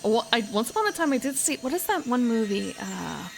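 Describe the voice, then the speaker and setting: A woman's voice: on the high side, very animated, brisk, gravelly, faint music behind. A woman streamer chatting casually while she plays, rambling and correcting herself as she goes. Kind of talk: casual gaming commentary.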